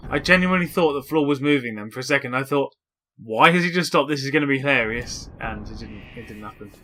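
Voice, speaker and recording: A man co-hosting a let's-play, teasing his friend and quick to joke. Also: medium pitch, expressive, sharp tone, slight background noise. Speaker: co-host of a gaming channel. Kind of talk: casual let's-play commentary.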